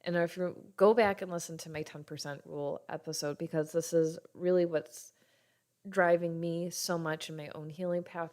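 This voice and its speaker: A woman in her thirties hosting a podcast as a doctor, talking frankly and warmly in an unscripted way, and sometimes acting out what others say. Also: deep voice. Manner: frank and heartfelt, swears casually, acts out others' lines. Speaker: podcast host, functional medicine doctor. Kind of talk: candid solo podcast talk.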